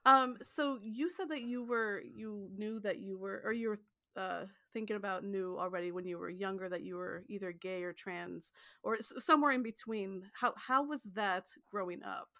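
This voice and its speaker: A woman's voice: medium pitch, normal speed, sharp tone, no echo, clean studio sound. A woman co-hosting a podcast, asking questions casually with short supportive replies. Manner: supportive, gives short back-channel replies. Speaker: podcast co-host. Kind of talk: casual interview chat.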